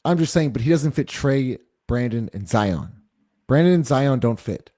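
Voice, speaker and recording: Mellow-voiced man in casual sports talk. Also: mid-range voice, animated, moderate pace, dry recording, studio quality. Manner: casual, hedging with "like". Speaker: co-host of a postgame show. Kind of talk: live sports talk stream.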